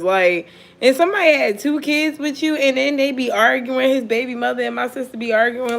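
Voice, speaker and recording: A tarot reader with a high, creaky voice tells a story fairly quickly in casual chat. Her talk is blunt and profane, and she laughs a lot.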